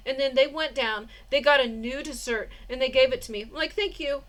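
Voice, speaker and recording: A woman's voice: high voice, fairly quick, a bit bright. A woman vlogger telling a personal story in a rambling way, with restarts, fillers and short suspicious laughs.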